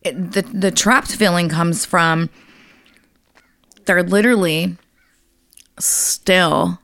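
A low-pitched woman with a gravelly edge chats as a podcast co-host, swearing bluntly and telling stories with animated energy. Her voice is recorded close and dry, with no room sound. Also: takes it slowly, no room sound. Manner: blunt, profane, animated storytelling. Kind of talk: casual chat.

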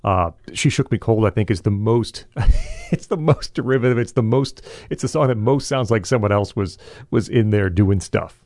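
A man co-hosting a podcast, chatting casually and a bit haltingly about albums. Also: lowish voice, darkish tone, dry recording. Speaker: podcast co-host. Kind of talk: casual music discussion.

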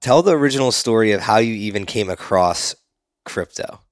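A man hosting a casual podcast interview. He has a very low, deep voice and fires off questions and wisecracks. The sound is dry and close. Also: animated, no room sound. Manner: jokey, quick questions. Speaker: podcast host.

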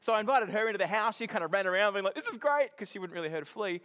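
A man preaching a sermon, telling a personal story in an animated, chatty way. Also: high-pitched, very fast.

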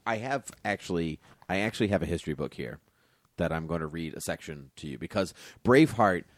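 Brief: low-pitched male host reading history aloud, cracking jokes between lines, dry close sound. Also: brisk, no room sound. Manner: jokey, animated asides while reading aloud. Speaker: podcast host. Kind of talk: casual chat, reading from a history book.

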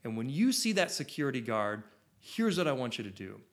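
This is a man in his thirties with an ordinary mid-range voice. He tells a personal story to an audience in an animated, excitable way, tripping over restarts and leaning on "like" as he goes. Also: medium pitch, brisk. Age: 30s. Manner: excitable, with rambling restarts and lots of "like". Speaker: photographer telling his story.

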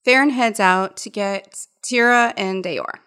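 A woman's voice: mid-range voice, unhurried, a bit bright. A woman playing a tabletop game, unsure and asking questions. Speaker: player. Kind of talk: casual tabletop game play.

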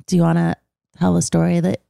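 A woman hosting a podcast, welcoming a guest and chatting casually in a slow, drawn-out, gushing way. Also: fairly low pitch, completely flat delivery, vocal fry, warm tone, dry recording, studio quality. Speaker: podcast host. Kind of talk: casual interview chat.

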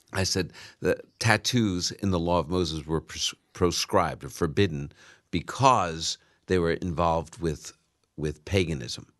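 A man's voice: extremely low pitch, a bit bright, no room sound, clean studio sound. A man who hosts a radio Bible-answer show, chatting casually on air and telling a story about a caller. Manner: storytelling, acting out callers with short quotes.

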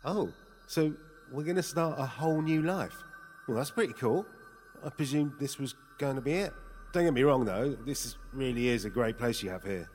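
A man's voice: medium pitch, normal speed, darkish tone, big-room sound, soft background music, pitched above the performer's own voice, close to an everyday voice. A man voicing a laid-back, polite male ghostly alien sidekick in a storybook, easygoing and matter-of-fact.

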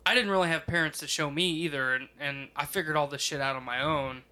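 A man's voice: fairly high pitch, quick pace, bright, forceful tone. A man in casual chat, rambling and swearing, full of "like" and "you know".

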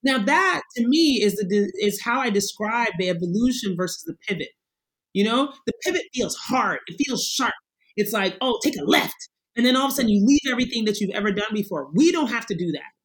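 A woman in her forties, a guest in a conversational interview, talking in an animated, emphatic way and acting out little voices as she goes. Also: a little high, fairly quick, low-quality recording.

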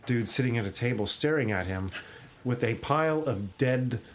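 A young adult man hosting a podcast, casually retelling a comic with laughs and quick voiced-out lines. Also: mid-range voice, expressive, slight background noise. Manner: rambling, laughs often, acts out quoted lines. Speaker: podcast host.

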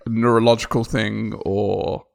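Gravelly man musing casually. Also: fairly low pitch, flat delivery, a little slow. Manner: musing, rambling with restarts. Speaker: podcast co-host. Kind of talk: casual chat.

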